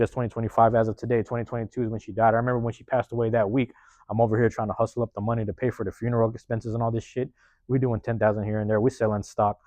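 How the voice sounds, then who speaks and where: Man, podcast host, fast talker, swears a lot, dry close sound. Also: medium pitch, dry recording. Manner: profane, rapid, animated retelling with acted-out quotes. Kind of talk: casual storytelling monologue.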